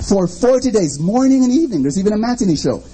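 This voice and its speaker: A man's voice: high-pitched, very animated, quick pace, mellow, breathy edge, low-quality recording. A man preaching a sermon, emphatic and repetitive, with lots of rhetorical questions and dramatic storytelling.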